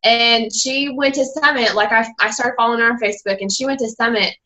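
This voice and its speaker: A woman's voice: a little high, fairly even intonation, a little fast, pushed and bright, dull audio. A young woman on a team call who tells her personal story candidly and rambles a little, acting out the people she quotes. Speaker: guest speaker and fitness coach.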